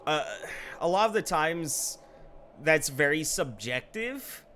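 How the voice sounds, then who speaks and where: A man's voice: on the high side, lively intonation, slow, pushed and bright, slight background noise. A man streaming live, chatting casually while gaming and rambling with lots of fillers. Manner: rambling, with frequent ums and likes.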